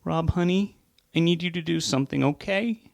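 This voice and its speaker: A pleading, grief-struck middle-aged mother, voiced by a man reading a story aloud. The voice sits well above his own and carries a gravelly texture. She is tearful but insistent. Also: on the high side, moderate pace, a little mellow, dry recording, pitched above the performer's own voice.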